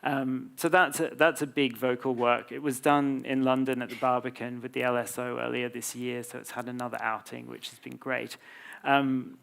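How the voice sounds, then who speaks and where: Gravelly flat-voiced Australian man. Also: medium pitch, normal speed, a little hiss or hum. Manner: thoughtful, explanatory, with frequent ums. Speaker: composer, guest. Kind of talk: live public conversation.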